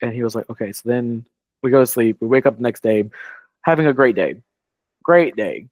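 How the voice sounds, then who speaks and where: Male podcast co-host, mid-pitch, rambling anecdote, dry booth sound. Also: a little fast, darkish tone, no echo. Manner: rambling, heavy on "like", quoting others. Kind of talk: casual storytelling chat.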